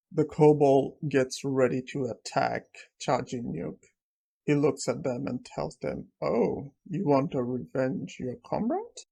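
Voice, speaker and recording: Male recap narrator, casual storytelling, unhurried, slow pace, husky tone. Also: medium pitch, darkish tone. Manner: plain, unhurried retelling.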